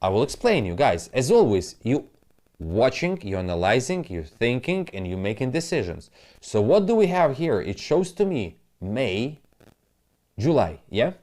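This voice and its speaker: A man's voice: mid-range voice, big pitch swings, unhurried, a little mellow. A man talking casually through crypto charts as a trading analyst, rambling and muttering to himself in non-native English, with the odd swear.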